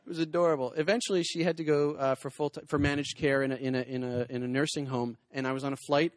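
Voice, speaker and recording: A man's voice: fairly high pitch, steady tone, fast talker, no echo, studio quality. A middle-aged man doing stand-up comedy on stage, rambling with self-deprecating asides and bantering with the audience. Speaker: comedian and cartoonist. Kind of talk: stand-up comedy with crowd work. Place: small hot venue with a spotlight.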